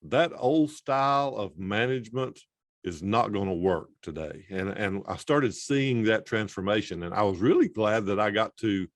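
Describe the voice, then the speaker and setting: A man's voice: fairly low pitch, expressive, normal speed, no room sound, studio quality. A man answering as a podcast guest, speaking hesitantly and reflectively with many fillers. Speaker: podcast guest, sales trainer. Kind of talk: casual interview answer.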